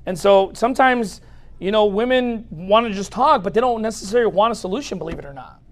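Animated joking male pastor preaching. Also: high voice, fast. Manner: animated, joking, speaks straight to the audience. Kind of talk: humorous sermon.

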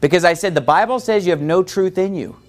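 Pastor, male, high voice, emphatic sermon delivery that keeps questioning the room. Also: quick pace.

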